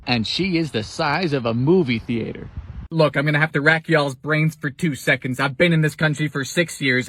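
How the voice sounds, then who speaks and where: A man's voice: on the high side, normal speed, fairly bright tone, no room sound. A man ranting to his phone camera, exasperated, profane and theatrical, often from inside his car. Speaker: comedy content creator. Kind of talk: comic rant to camera.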